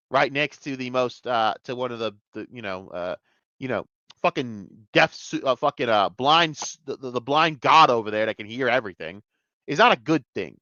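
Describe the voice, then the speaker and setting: A man's voice: mid-range voice, normal speed, no room sound. Man reviewer, heated and swearing, wildly varied delivery, dry dull home mic. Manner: excitable, profane, jumps between shouting and muttering. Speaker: TV show reviewer. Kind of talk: casual video review rant.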